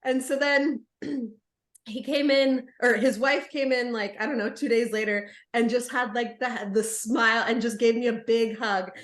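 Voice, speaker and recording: A woman chiropractor telling a frank, animated story to colleagues, laughing often. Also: on the high side, measured pace, reverberant. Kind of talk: casual storytelling among colleagues.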